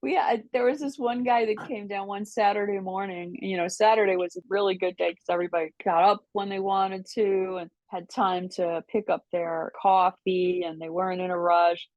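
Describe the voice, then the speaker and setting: An older woman tells casual stories from years past in an animated, chatty way. She laughs easily and slips into other people's voices when she quotes them. Her voice sits at a middling pitch, and the recording is dry and close. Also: moderate pace, hardly any pauses, no echo, muffled recording. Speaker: podcast guest. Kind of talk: casual storytelling. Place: New York City.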